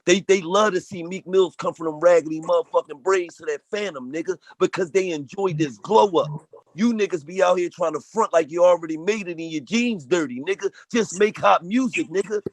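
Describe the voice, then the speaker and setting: A man's voice: sits high, fairly quick, no echo. A man on a phone call giving a blunt, profane motivational rant in a preachy manner. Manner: preachy, blunt, heavy swearing. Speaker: speaker in a group audio call. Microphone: phone on an audio call.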